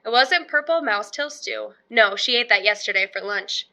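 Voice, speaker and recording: Bright high-voiced woman reading a storybook. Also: normal speed. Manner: lively, expressive storytelling. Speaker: teacher. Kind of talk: children's picture book read-aloud.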